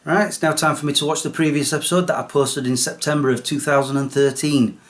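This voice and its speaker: A man's voice: a little high, fairly even intonation, fast. A man hosting his own comedy vlog, talking in a sarcastic, chatty way. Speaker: vlogger host.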